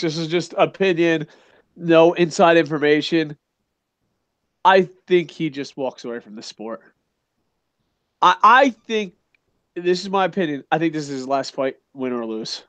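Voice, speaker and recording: A man's voice: fairly high pitch, animated, measured pace, fairly bright tone, dry recording. Profane, rambling man talking wrestling. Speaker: podcast host. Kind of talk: casual wrestling chat.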